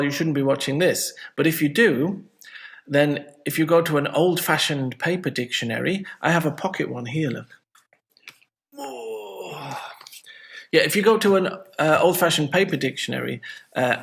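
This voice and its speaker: A man's voice: on the high side, gravelly, fairly bright tone. A man teaching an English lesson in a chatty, friendly way, with joking asides. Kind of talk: casual video lesson.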